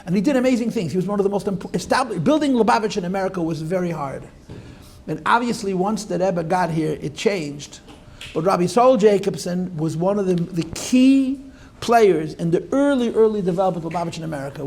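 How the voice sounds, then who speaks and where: Older man teacher for a classroom talk, high pitched with a gravelly fry, wandering storyteller with wry asides. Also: a little fast, darkish tone.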